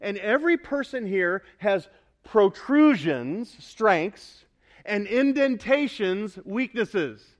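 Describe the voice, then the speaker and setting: A male pastor preaching a sermon to his congregation, emphatic, asking them for responses and building to loud pointed repetition. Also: high voice, big pitch swings, slow pace. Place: church sanctuary.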